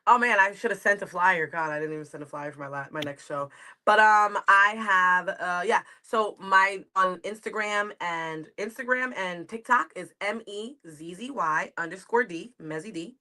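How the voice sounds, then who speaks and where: This woman, a comedian from the United States, brings her New York accent to a laid-back video-call interview where she's the guest, drifting between topics and laughing readily. Her voice is medium-pitched, bright and forceful, at a normal speed.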